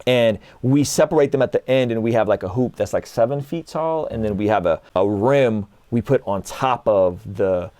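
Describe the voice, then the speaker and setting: A man in his thirties talks as a guest in a relaxed conversation and tells stories with lively energy, slipping into little voices for the people he quotes. His voice sits in an ordinary middle pitch and is recorded dry and close, with no room sound around it. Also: moderate pace, few pauses, no room sound. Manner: animated storyteller, acts out quotes. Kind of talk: casual conversation.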